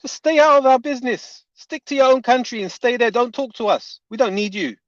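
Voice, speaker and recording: A man's voice: very high-pitched, brisk, fairly bright tone, dry recording. A man delivering a heated, indignant reaction rant as an online commentator, often repeating his points. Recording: dull, dry lo-fi audio.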